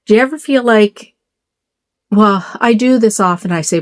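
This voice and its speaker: A woman's voice: mid-range voice, normal speed, pauses often. A middle-aged woman chatting casually to her phone camera in a bedroom at home, rambling with lots of fillers and asides. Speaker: doll collector vlogger.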